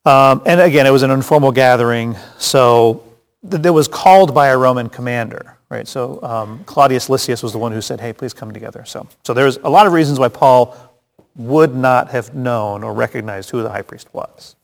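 A man's voice: medium pitch, moderate pace, gravelly. A man teaching a casual Bible study, chatty and joking, with frequent restarts and asides. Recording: long hall reverb.

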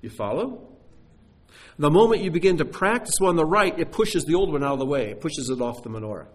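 Husky, animated male preacher. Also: a little high, a little fast. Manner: emphatic, repeats key phrases, asks the audience questions. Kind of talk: sermon.

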